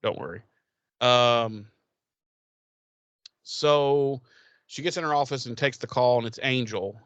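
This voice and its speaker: A man's voice: mid-range voice, slow pace, fairly bright tone, clean tone, no echo, muffled recording. A man co-hosting a podcast, casually recapping an episode in a rambling, profane way and acting out the characters' lines. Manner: rambling, profane, laughs often, acts out characters. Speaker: podcast co-host.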